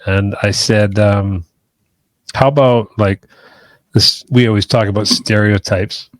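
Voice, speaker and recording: Deadpan man teasing his co-host. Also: on the low side, measured pace, no room sound. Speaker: podcast co-host. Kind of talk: casual banter.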